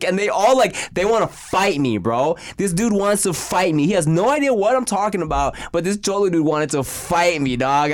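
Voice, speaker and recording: Animated young man telling stories. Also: high voice, moderate pace, dry recording. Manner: animated, swearing, acts out voices in stories. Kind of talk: casual storytelling chat.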